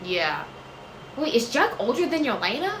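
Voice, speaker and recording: A woman's voice: fairly high pitch, big pitch swings, moderate pace, fairly bright tone, reverberant, slight background noise, low-quality recording. A woman answering viewer questions in a casual chat, rambling, often losing track, correcting herself and laughing.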